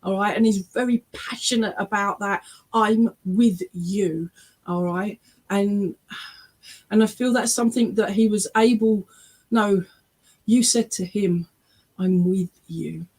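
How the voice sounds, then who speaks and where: A woman's voice: medium pitch, steady tone, measured pace, a little mellow. A woman working as a spiritualist medium, giving an online reading over a video call in a chatty, emotional way that often breaks into laughter and tearful exclamations. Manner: chatty, checks in often with "okay?" and "all right?".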